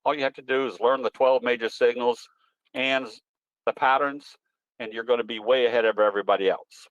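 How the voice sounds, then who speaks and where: A man's voice: mid-range voice, fairly even intonation, brisk, no echo, dull audio. A man presenting at an online trading webinar, answering questions in a folksy, easygoing, rambling way. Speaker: guest presenter, trading educator. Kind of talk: webinar Q&A, explaining.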